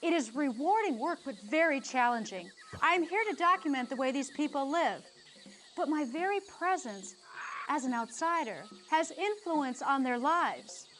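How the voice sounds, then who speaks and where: A calm, high-voiced anthropologist. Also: female voice, normal speed. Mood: informative. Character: earnest female anthropologist living with a tribe. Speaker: in-game anthropologist character.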